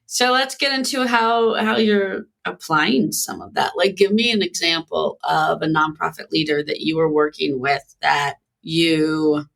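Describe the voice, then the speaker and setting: A woman's voice: sits low, steady tone, a little slow, gravelly, hardly any pauses, a bit bright. Woman host on a podcast, casual and chatty, lots of "like" and restarts. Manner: loose, chatty questions with fillers.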